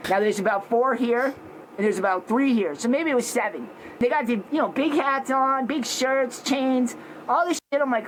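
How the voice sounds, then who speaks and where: A man telling a story loudly and dramatically, acting out shouts and growls. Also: extremely high pitch, moderate pace, slight background noise, rough recording. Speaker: social media personality. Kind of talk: animated storytelling.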